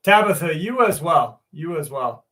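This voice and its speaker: A man's voice: a little high, expressive, moderate pace, a bit bright. A man hosting a casual live stream, joking and swearing as he greets viewers by name and reads a story aloud.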